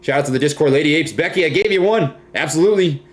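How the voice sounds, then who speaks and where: A man's voice: fairly high pitch, fast. A young man from Minnesota hosting a casual live stream, reading viewer comments and often ending lines with "right?" and "man".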